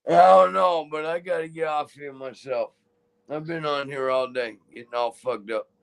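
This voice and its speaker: A man's voice: a little high, moderate pace, gravelly, clean tone, rough recording. A middle-aged man telling rambling, profane stories in a casual chat, often laughing. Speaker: live chat guest.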